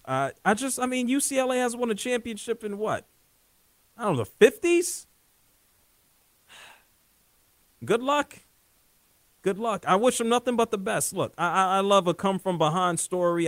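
Male sports talk host: high, joking, opinionated, dry close mic. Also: no echo.

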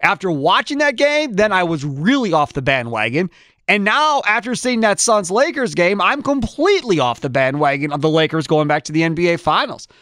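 Guy hosting sports talk, high voice that jumps all over, dry close sound, opinionated. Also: dry recording. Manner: animated, opinionated, talks through quick restarts. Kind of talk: sports betting talk show.

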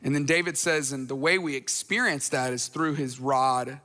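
A man's voice: medium pitch, steady tone, moderate pace, bright, forceful tone, big-room sound. A man preaching a sermon as pastor, talking in a conversational way and acting out the people in the stories he tells. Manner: conversational, acts out voices in retellings.

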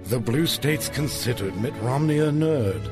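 A man's voice: medium pitch, animated, measured pace, close to an everyday voice. A man performing a mock-grand storybook narrator, reciting rhymes in a sing-song delivery over a music bed. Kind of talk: rhyming holiday parody narration.

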